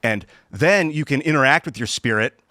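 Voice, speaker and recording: A man's voice: mid-range voice, lively intonation, moderate pace, sharp tone, dry recording, studio quality. A man in his forties, a co-host, rambling through spiritual ideas in a casual panel chat. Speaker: show co-host.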